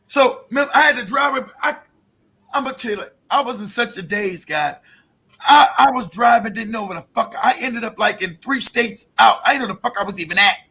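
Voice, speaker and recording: High-voiced husky man telling a story. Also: expressive, fairly quick, sharp tone. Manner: profane, emphatic, many restarts. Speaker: guest telling a personal story. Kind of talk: emotional casual storytelling.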